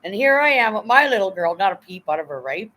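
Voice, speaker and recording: A woman's voice: medium pitch, big pitch swings, quick pace, a bit bright, rough recording. A woman in her fifties, hosting a casual livestream, telling a story bluntly with frequent swearing and "right?" asides. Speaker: livestream host.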